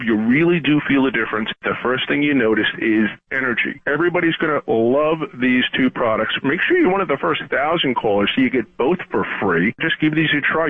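A man's voice: mid-range voice, breathy edge, no room sound. Enthusiastic man in his fifties on a radio advert. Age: 50s. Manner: upbeat, persuasive salesman. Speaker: supplement company doctor. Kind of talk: radio infomercial pitch. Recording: phone-line quality radio audio.

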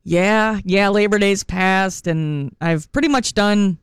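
A female radio morning-show co-host with a smooth, clean voice at a middle pitch. She chats in a relaxed way and laughs easily. The recording is dry and close. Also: takes it slowly, no echo. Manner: easygoing, chatty, laughs often. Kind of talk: casual radio banter.

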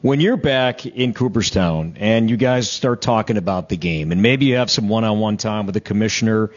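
A man's voice: on the low side, normal speed, muffled recording. A man hosting an interview, asking friendly leading questions and recapping the guest's stories. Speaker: broadcaster and interviewer.

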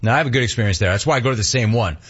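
A middle-aged man hosting a sports talk radio show, ranting in an animated, sarcastic way. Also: medium pitch, very fast, dull audio, slight background noise.

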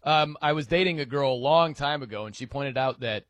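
A man's voice: mid-range voice, a little fast, no room sound. A man hosting a sports radio show, chatting casually and laughing as he mimics people in his stories.

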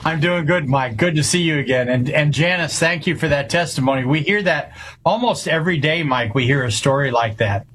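Man, radio guest, promotional, confident, husky tone. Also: a little high, a little fast, a bit bright, rough recording. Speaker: guest, company founder.

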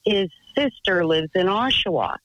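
A Canadian woman phones into a radio show and rambles through a story in a loose, chatty way, swearing and laughing easily. Her fairly low voice is expressive and fairly bright, at a measured pace, and the audio is dry but poor in quality.

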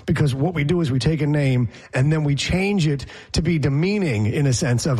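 A man co-hosts a podcast in loose, casual chat. His voice sits a little high and sounds husky. He rants bluntly, with a sarcastic edge. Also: fairly quick, hardly any pauses, darkish tone. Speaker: podcast co-host.

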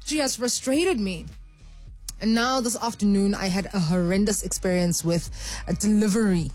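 A woman hosting a call-in radio show, telling a story with lively energy and acting out the voices of the people in it. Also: a little high. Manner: animated storyteller, acts out voices. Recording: faint music bed behind.

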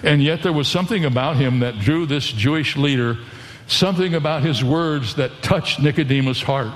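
A man preaching as a radio pastor, earnest and steady, with a chuckle now and then. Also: a little high, normal speed, in a large hall. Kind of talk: radio sermon.

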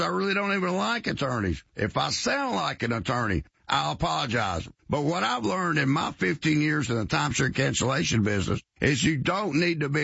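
Ad guy with a gravelly, bouncy bright voice, dry lo-fi sound. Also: a little high, dry recording. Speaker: ad spokesman. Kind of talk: radio commercial read. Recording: dull dry lo-fi audio.

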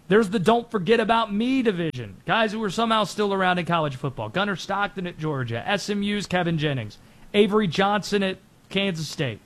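A man hosting a sports show, giving rapid-fire, opinionated commentary on football and soccer. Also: sits high, fairly bright tone.

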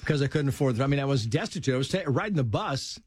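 A middle-aged man spins personal stories in a relaxed chat, his voice sitting at an ordinary middle pitch. He slips into lively impressions of the people he quotes, and the recording is close and dry with no room sound. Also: racing, husky, dry recording. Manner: animated storyteller, acts out quoted voices. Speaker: guest telling life stories. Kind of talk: casual storytelling conversation.

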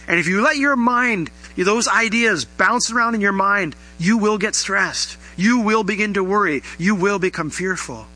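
A man delivers a sermon in a very bright, ringing voice pitched a little high. He preaches in an animated way, lifting his voice on emphatic questions. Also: normal speed, hardly any pauses, rough recording. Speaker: pastor.

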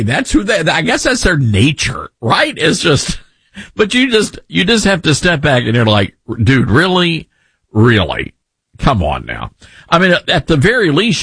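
Animated husky talk radio host. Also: male voice, a little high, no room sound. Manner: animated, rambling, jokey. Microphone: studio mic.

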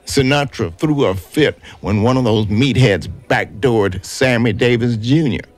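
A man's voice: medium pitch, measured pace, lightly acted. A man voicing a wry, gossipy woman backup singer in a narrated story, close to his own voice.

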